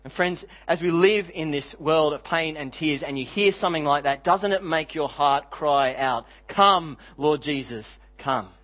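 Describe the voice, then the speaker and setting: A man preaching a sermon as pastor, earnest, reading scripture aloud and slowing down to stress key words. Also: a little high, highs cut off. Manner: earnest, slows for emphasis, reads scripture aloud.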